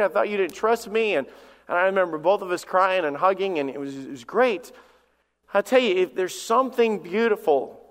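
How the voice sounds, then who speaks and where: A pastor in his forties delivers a sermon in a high, ringing voice. He often stammers over the first words of a sentence before pushing on into a personal story. The sound carries the long reverb of a church hall. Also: fairly bright tone. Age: 40s. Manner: repeats words when starting sentences, storytelling. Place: church sanctuary.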